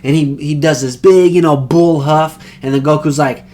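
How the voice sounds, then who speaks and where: Excitable young man recapping an anime. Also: fairly high pitch, normal speed, hardly any pauses. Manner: excited, rambling retelling with swearing and slang. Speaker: anime reviewer. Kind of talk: casual episode recap.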